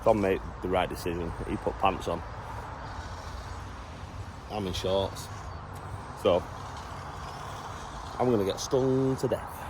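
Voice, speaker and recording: Bloke vlogging outside while he works, jokey, chatty, loud noisy background. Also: sits low, slow, pauses often. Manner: chatty, jokey, talks to camera while working. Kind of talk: casual outdoor vlog chat. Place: outdoors on overgrown land.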